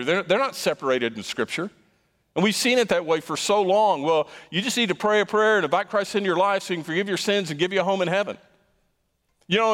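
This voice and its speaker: Male preacher giving a sermon, kinda high voice, emphatic, echoing sanctuary. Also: fairly bright tone. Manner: emphatic, repeats words when stressing a point. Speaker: pastor.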